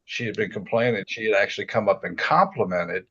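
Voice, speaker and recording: A man in a reflective casual chat, speaking haltingly and restarting often as he searches for words. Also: lowish voice, bright, forceful tone, slightly rough, dull audio. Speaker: self-inquiry group member. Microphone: video call.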